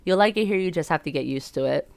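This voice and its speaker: A woman's voice: low voice, quick pace, creaky, no echo. A woman playing a dating sim, reacting, joking, swearing and laughing as she reads the game's text aloud. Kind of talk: let's-play commentary and reading game text aloud.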